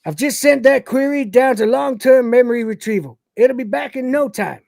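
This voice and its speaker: A podcast host putting on the voice of a dim, drug-happy male mechanoid with a slow country drawl. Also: high-pitched, gravelly, a little mellow, dry recording, clean studio sound, voice pushed up. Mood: dopey. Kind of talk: retelling an episode in character.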